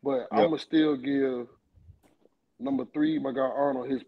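A man's voice: medium pitch, steady tone, normal speed, muffled recording. A man talking loosely and in slang, repeating himself, as a panelist on a casual sports podcast.

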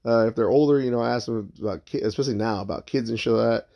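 A man with a mid-range voice and vocal fry talks very fast, rambling through a work story in a casual, profane way. He swears a lot and acts out what other people said. The recording has a dull, lo-fi sound.

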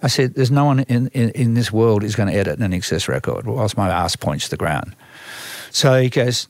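A man's voice: on the low side, normal speed, no room sound. An older Australian man who manages a band, telling long rambling stories from his career in a casual interview, full of restarts and acted-out quotes.

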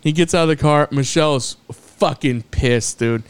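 A man with a somewhat high voice tells a story in a loose, profane way. He is animated and acts out what others said. It is a casual podcast chat among friends. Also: moderate pace, smooth. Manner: profane, animated retelling of a drunk night.

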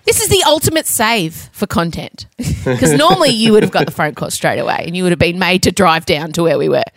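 A woman in her thirties spins a story with dramatic flair and dry humor, her voice swinging up and down in pitch. The recording is close and dry, with no room sound. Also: expressive, brisk, dry recording. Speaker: podcast co-host. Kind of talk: casual storytelling chat.

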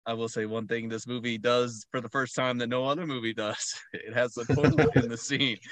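A man co-hosting a casual film discussion, relaxed and chatty, laughing often as he talks. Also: medium pitch, brisk, no echo. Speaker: podcast co-host.

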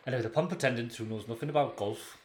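A man puts on the voice of a famous Irish broadcaster, telling a gag in a middle-pitched voice. The accent wanders toward Welsh now and then. The room around him is roomy and echoing. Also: expressive, a little fast, fairly bright tone, natural voice. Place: same room as co-host, indoors. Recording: roomy echo.

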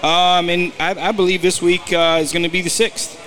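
A man co-hosting a casual golf talk show, explaining betting picks and tour events in a halting way with many restarts. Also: sits high, flat delivery, a bit bright. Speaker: golf podcast co-host and picks analyst. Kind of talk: casual sports chat.

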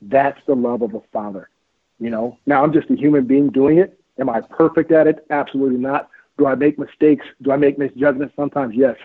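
A man's voice: medium pitch, a little fast, breathy edge, dry recording. A man being interviewed as a street outreach worker, talking in a fervent, preachy way, repeating his points and laughing often. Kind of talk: preachy, emphatic interview talk. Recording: phone-line audio.

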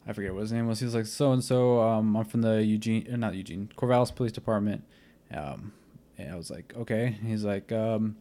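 A man's voice: fairly low pitch, brisk, dark tone. Rambling young man telling a story. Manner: rambling, filler-heavy, retells scenes with quoted dialogue. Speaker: podcast host. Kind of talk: casual storytelling.

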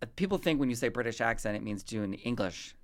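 With an extremely low, expressive voice and a quick pace, this West Coast woman hosts a casual podcast. She rambles, chats, and keeps interrupting herself.

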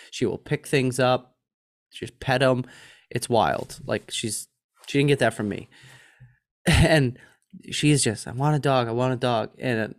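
A man in his thirties co-hosting a podcast, chatting casually and laughing through his own anecdote. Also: medium pitch. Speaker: podcast co-host. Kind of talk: casual chat.

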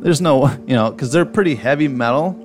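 A man's voice: mid-range voice, fairly quick, soft background music. A man co-hosting a casual podcast, reading a story aloud with lots of fillers and frequent swearing. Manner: swears often, rambling with fillers. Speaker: podcast co-host.

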